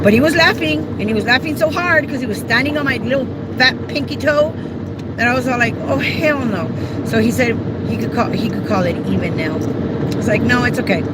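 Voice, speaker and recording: A woman's voice: fairly high pitch, very noisy. A woman chatting casually on a phone livestream, rambling and self-deprecating as she answers viewers.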